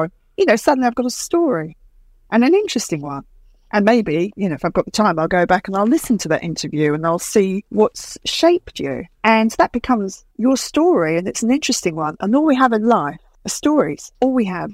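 A woman in her fifties talks about her producing work with emphatic, storytelling energy. She acts out the dialogue she quotes. Her voice sits at a middle pitch and sounds dry and close to the mic. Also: very animated, a little fast, darkish tone, no echo. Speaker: TV producer and speaker. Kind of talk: conversational interview.

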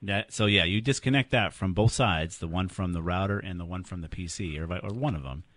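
A man hosting a call-in computer help radio show, explaining things in a relaxed, friendly way. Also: low voice, a little fast, no room sound. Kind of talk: call-in tech radio talk.

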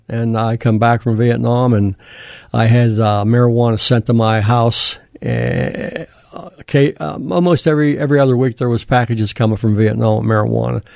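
An older man speaks plainly and haltingly, with many fillers and restarts. His voice sits at an ordinary middle pitch. The sound is dry and close, with no room around it. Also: creaky, a little mellow, dry recording. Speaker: guest. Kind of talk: personal testimony in casual talk.

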